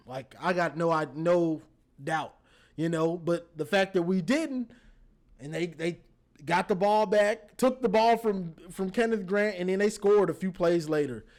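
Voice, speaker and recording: Animated high-voiced man recapping a football game. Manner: animated, talks straight to players, repeats words. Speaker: football fan reviewing a game.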